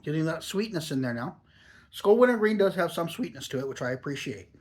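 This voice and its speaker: A man's voice: fairly high pitch, very animated, brisk, a little mellow. A man in his forties talking in a chatty, rambling, easygoing way while reviewing a product for a casual vlog.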